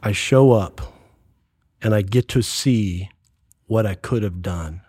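An earnest man in his sixties tells his faith story as an interview guest, bringing the quoted conversations to life. His voice is mellow and husky. The sound is close and dry. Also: on the low side, slow pace, no echo. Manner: earnest, acts out quoted dialogue. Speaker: podcast guest.

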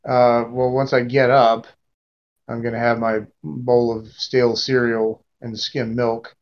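A man's voice: mid-range voice, little pitch movement, unhurried, highs cut off. A man playing a tabletop role-playing game, jokey and stumbling over his words. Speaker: player. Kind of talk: casual tabletop play.

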